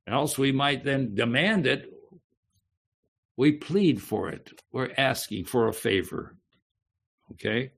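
A man preaching a sermon, teaching slowly and deliberately and often checking in with his listeners. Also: mid-range voice, vocal fry, a bit bright. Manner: slow, deliberate teaching with frequent "okay?" check-ins. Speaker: pastor.

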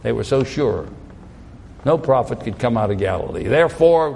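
Man, pastor, sermon, emphatic rhetorical questions, expressive swooping pitch, long echo. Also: normal speed, vocal fry, a little hiss or hum.

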